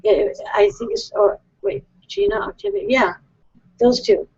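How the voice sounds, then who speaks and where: A psychic radio host chats casually on her call-in show, rambling, poking fun at herself, and laughing often. Her voice is a little high and a little slow, with big pitch swings, vocal fry, and a slightly mellow, husky quality. The recording sounds like a dull lo-fi web broadcast.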